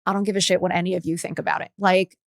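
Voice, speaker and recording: Candid, profane woman telling animated stories. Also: on the low side, rapid-fire, gravelly, no room sound, clean studio sound. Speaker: podcast guest, influencer. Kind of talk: casual chat.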